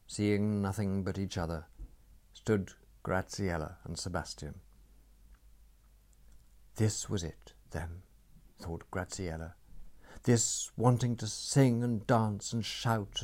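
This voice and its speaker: A male audiobook narrator with a very deep, gravelly voice. He reads in a measured, expressive way, with a dry wit in his delivery.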